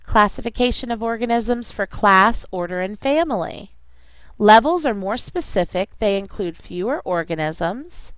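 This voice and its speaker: A woman teacher giving a classroom science lecture, speaking deliberately and repeating key terms for students to write down. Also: medium pitch, lively intonation, a bit bright, smooth, no echo, low-quality recording.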